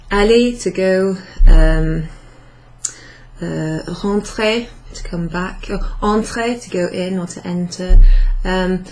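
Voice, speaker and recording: A woman teaching a recorded French lesson, chatty and relaxed, with frequent ums and light laughs as she writes out examples. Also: lowish voice, low-quality recording. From Wales.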